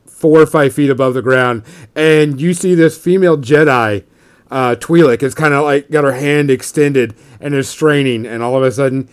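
A man running a tabletop role-playing game as game master, narrating loosely with lots of fillers. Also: a little high.

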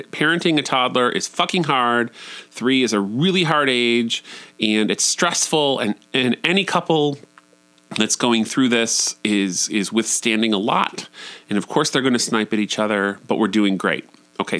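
A man in his thirties telling a candid, profane personal story, often jumping up high in pitch. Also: a bit bright.

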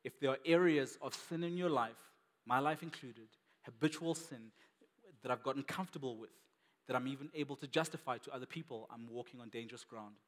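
A man's voice: medium pitch, brisk, big-room sound. A man preaching a sermon as a pastor, conversational and emphatic, repeating key words for weight.

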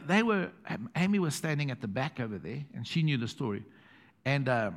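South African man, middle-aged pastor, gravelly voice, long church-hall reverb, storytelling sermon. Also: mid-range voice, lively intonation, brisk. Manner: storytelling, chuckling often, dropping into quiet emphatic asides.

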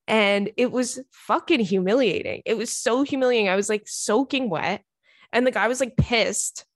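A young adult woman hosting a podcast, chatting casually and telling animated stories with frequent laughs and swearing. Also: fairly high pitch, a little slow, long pauses, dry recording, studio quality. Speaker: podcast host reading listener stories. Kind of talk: casual chat.

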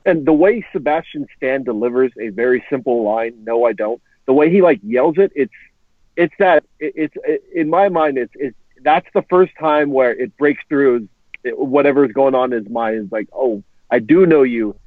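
A man on a movie podcast, talking excitedly and stumbling over his words. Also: medium pitch, moderate pace, dry recording. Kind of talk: casual movie discussion. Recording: tinny phone-like line.

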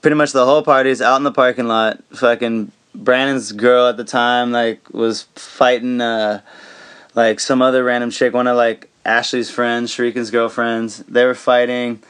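A man's voice: mid-range voice, flat delivery, normal speed, fairly bright tone, clean tone. A man guesting on a podcast, telling stories in a loose, profane way with lots of fillers and laughter. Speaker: guest, pro skateboarder. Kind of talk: casual storytelling.

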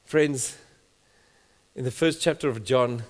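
A man's voice: mid-range voice, takes it slowly. A man preaching a sermon, reading scripture emphatically and building in volume. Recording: long hall reverb.

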